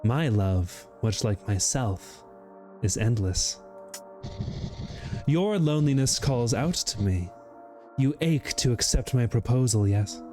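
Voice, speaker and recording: A man voicing a slow, seductive demon suitor. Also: medium pitch, lively intonation, over music. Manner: slow, drawn-out, seductive menace. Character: ominous endless-loving demon suitor, grandiose.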